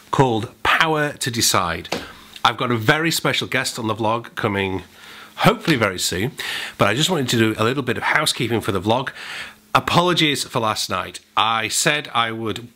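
A man's voice: medium pitch, bright, forceful tone. A man hosting his own vlog, chatting casually and cheerfully to his viewers. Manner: chatty, apologetic, upbeat. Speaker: vlog host and musician. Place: at home indoors.

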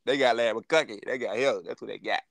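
A man co-hosting a sports podcast, rambling and excitable, full of fillers and restarts. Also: medium pitch, a little fast, creaky, dry recording, rough recording. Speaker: podcast co-host. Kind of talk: casual sports chat.

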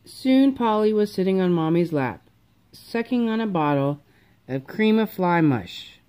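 A woman reading a children's picture book aloud, slow and expressive. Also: mid-range voice, clean tone. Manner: lively, slow and expressive, doing character voices. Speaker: storybook reader. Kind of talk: children's storybook read-aloud.

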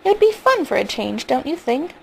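Brooding, fed-up father of two, voiced by a woman reader, gravelly tone. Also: sits high, very animated, fairly quick, a little hiss or hum, voice pushed up, heavily acted, low-quality recording. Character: stern worried father of two.

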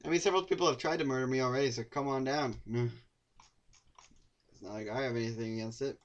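A man's voice: medium pitch, fast talker, muffled recording. Young man swearing through gameplay commentary. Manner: swearing, joking, with sudden loud outbursts. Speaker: streamer.

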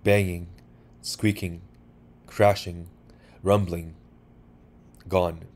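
A man reading a short story aloud for sleep, calm and measured. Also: low voice. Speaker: narrator.

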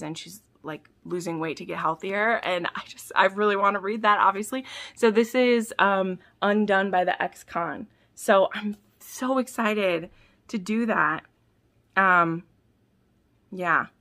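Gushing young woman vlogger, bright voice. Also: fairly low pitch, creaky. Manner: gushing, excitable, with gasps and sudden squeals; drops to soft whispers between bursts. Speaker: book vlogger. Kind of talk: casual vlog unboxing.

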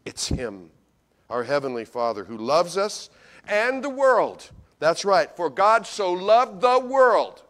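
A male pastor delivers a sermon in a fairly high voice that leaps up and down with lively expression. He is folksy and speaks right to the congregation, moving between loud bursts and hushed asides. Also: slow. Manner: animated storyteller, swings from loud to hushed; folksy, addresses congregation directly. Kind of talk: Christmas sermon.

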